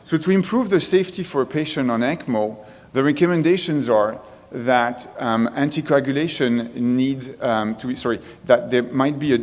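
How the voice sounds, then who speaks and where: A man's voice: medium pitch, moderate pace. A man with a French accent giving a conference lecture to a room of colleagues, explaining his points one by one. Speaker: physician presenting at a medical conference. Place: large lecture room with an audience. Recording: reverberant conference hall.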